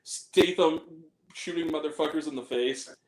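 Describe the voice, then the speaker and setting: A man chatting casually on a film review podcast, animated and profane, laughing often as he rants. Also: on the high side, normal speed, roomy sound, rough recording. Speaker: podcast co-host reviewing films. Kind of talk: casual chat.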